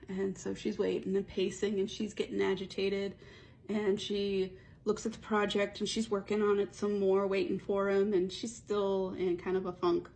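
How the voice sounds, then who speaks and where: A woman's voice: mid-range voice, level tone, moderate pace, gravelly, a little mellow. A woman casually telling a story in a rambling, chatty way, stringing events together with run-on phrases. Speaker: storyteller pitching a movie idea.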